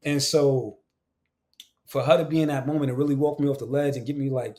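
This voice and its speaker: A man's voice: mid-range voice, fairly even intonation, fairly quick, darkish tone. A man from Queens, an actor and voice actor talking as a guest on a casual podcast, candid and emphatic, with lots of slang and swearing. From Queens, New York.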